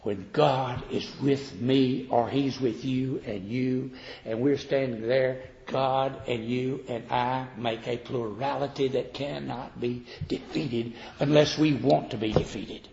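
An older man preaching a sermon in a folksy, animated storytelling manner, acting out the voices he quotes. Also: medium pitch, takes it slowly, vocal fry, slight background noise. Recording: roomy hall reverb, dull lo-fi sound.

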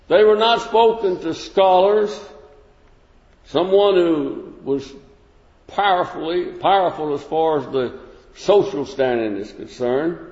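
A man's voice: on the high side, darkish tone. A man teaching a plain-spoken Bible lesson, folksy and full of restarts. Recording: echoey hall, dull lo-fi sound.

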